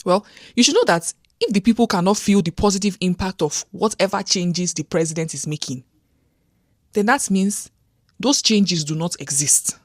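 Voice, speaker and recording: A woman's voice: mid-range voice, moderate pace, no room sound, clean studio sound. A woman from Nigeria, hosting opinion commentary in an earnest, insistent way, firing rhetorical questions. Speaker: commentator host.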